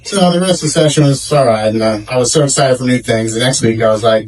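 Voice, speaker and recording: On a comedy club stage, a man performs stand-up, spinning stories in a loose, easygoing way packed with fillers. His mid-range voice moves at a quick clip. The mic is distant, and loud laughter from the audience fills the background.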